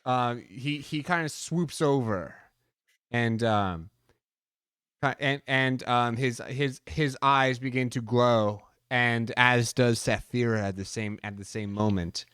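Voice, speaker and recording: A game master narrating a tabletop game on a live stream, halting and restarting often. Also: mid-range voice, a bit bright, smooth, no echo, studio quality. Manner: halting, with many restarts and laughs.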